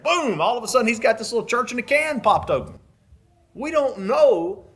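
Animated preacher man, slightly high voice. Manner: animated preaching, swinging between soft and loud; acts out voices in brief quotes. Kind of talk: sermon.

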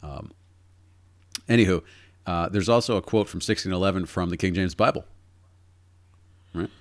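A man with a very low voice talks through word history in a relaxed, easygoing way, calling his co-host "dude" and "man". The sound is dry and close, with no room around it. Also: normal speed, no room sound. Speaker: podcast co-host. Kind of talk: casual chat about word history.

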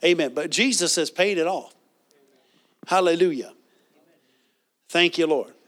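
A man's voice: a little high, a little slow, a bit bright. A man preaching a sermon, reading scripture and leading the congregation in call-and-response.

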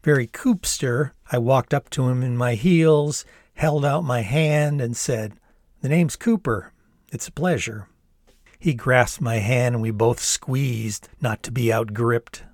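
A man's voice: mid-range voice, steady tone, measured pace, darkish tone, dry recording, clean studio sound. A man in his sixties from the United States, reading his own novel aloud in a wry, conversational storytelling manner. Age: 60s. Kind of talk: storytelling narration.

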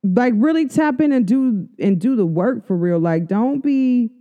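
A woman's voice: on the high side, expressive, unhurried, dull audio. A woman who reads oracle cards gives a casual spoken astrology update. She talks chattily to her viewers, addresses them directly and laughs often.

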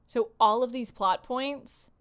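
A woman's voice: on the high side, slow pace, fairly bright tone, clean tone. A woman casually chatting about a movie with a co-host, wry and dismissive, repeating herself for emphasis. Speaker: podcast co-host.

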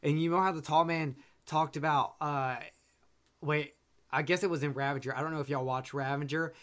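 A man's voice: fairly high pitch, steady tone, moderate pace, fairly bright tone. Hesitant man in casual film chat. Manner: hesitant, lots of uh and um. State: coughing now and then. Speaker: podcast co-host.

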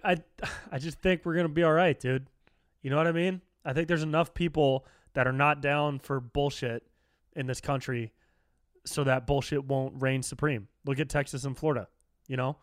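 At a medium pitch, a young man hosts his own podcast and goes on a loose, comedic, swear-filled rant. He's animated and slangy, saying "dude" and "bro" constantly, in studio-quality sound with no echo.

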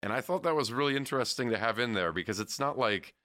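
A man's voice: medium pitch, animated, quick pace, bright, forceful tone, dry recording, studio quality. A man co-hosting a podcast, discussing a film in casual chat, thoughtful and hedging. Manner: thoughtful, hedging, acts out quotes. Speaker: podcast co-host.

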